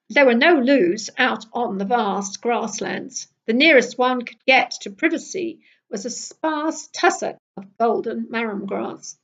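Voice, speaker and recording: An older woman from Britain reading her travel memoir aloud in a lively, wry storytelling manner. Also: fairly high pitch, highs cut off.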